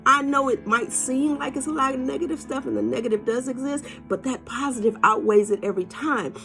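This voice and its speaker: A woman giving a casual inspirational talk, animated and repetitive, often jumping up in pitch to act out what people say, with faint music behind her. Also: fairly quick, vocal fry. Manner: animated, jumps high in pitch when quoting people, laughs often; preachy, repeats phrases, talks to listeners as y'all. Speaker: motivational speaker.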